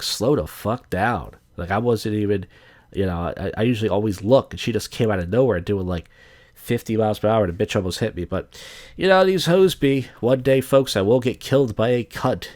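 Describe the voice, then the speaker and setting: A man in his thirties hosts a podcast on his own, rambling crudely and profanely with plenty of filler words. His voice is lowish and a touch mellow.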